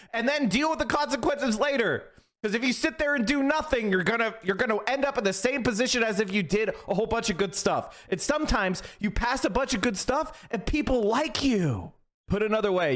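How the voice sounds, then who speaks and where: Guy from pennsylvania ranting on his stream, cursing a lot, high voice jumping all over. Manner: profane, heated, swings between shouting and muttering; reads news passages aloud and reacts. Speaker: political streamer. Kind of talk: ranting livestream commentary.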